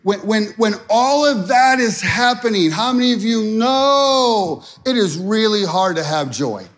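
A middle-aged man preaching a sermon in a conversational way, voicing worried prayers as he goes. His voice sits high, and he takes his time over the words. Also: expressive, a little slow, fairly bright tone. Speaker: pastor.

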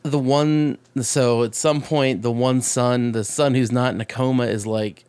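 A man co-hosting a casual chat, recapping a film with swearing, jokes and quick acted-out voices. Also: medium pitch, fairly even intonation, darkish tone, smooth. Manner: profane, jokey, acts out quick voices mid-recap. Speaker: podcast co-host.

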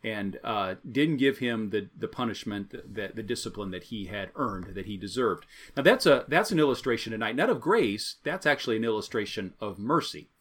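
A man's voice: on the low side, expressive, normal speed, few pauses, fairly bright tone, husky. A man, a pastor, preaching an evening sermon in a conversational, storytelling way, repeating his key phrases.

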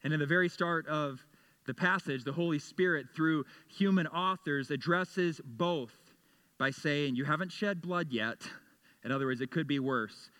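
Middle-aged male pastor, slightly high, bright voice; earnest sermon delivery with frequent word repeats. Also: normal speed. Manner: earnest, repeats words when building a point.

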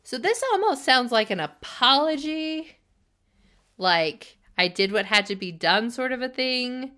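A woman's voice: on the high side, animated, unhurried, bright, forceful tone. A woman co-hosting a casual book-discussion podcast, musing through recaps. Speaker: podcast co-host.

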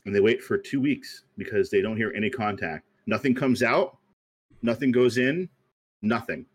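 A man hosting a podcast, pitching a story in casual chat, rambling and laughing at himself. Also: moderate pace, breathy edge. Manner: rambling, many fillers and self-amused laughs. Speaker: podcast host pitching a movie idea.

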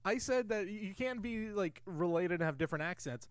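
A man's voice: high-pitched, lively intonation, fairly quick, smooth, no room sound. A man co-hosting a podcast, enthusiastically recapping a film's plot and trivia in casual chat. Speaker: podcast co-host. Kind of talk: casual film discussion.

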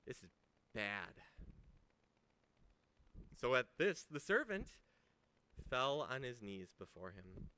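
A man delivers a sermon in an easygoing, conversational way. He stresses key words and asks rhetorical questions. His voice is bright and forceful, and the sound is dry and close. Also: medium pitch, big pitch swings, takes it slowly, long pauses, dry recording. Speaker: pastor.

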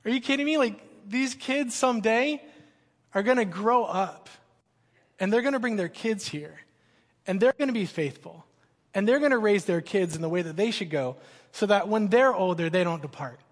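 A man with a high voice delivers a sermon as a student pastor, keeping it casual, joking and energetic. His words ring out with a long reverb in a large church auditorium. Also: normal speed. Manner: energetic, joking, conversational preaching.

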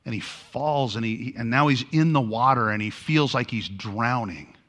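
A pastor preaching a sermon, telling a story with lively energy and acting out the lines he quotes. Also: medium pitch, normal speed.

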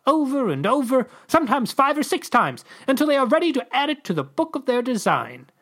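A reader doing a fussy high-pitched alien ambassador. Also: big pitch swings, a bit bright, exaggerated voice. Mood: lecturing. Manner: theatrical, high and drawn-out. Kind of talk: podcast story reading.

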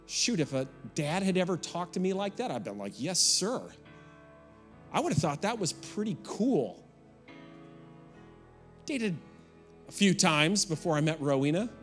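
A man's voice: high voice, sing-song, normal speed, pauses often, soft background music. A middle-aged man preaching a sermon, in a folksy, emphatic way. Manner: folksy and emphatic, with rising and falling intensity. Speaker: pastor.

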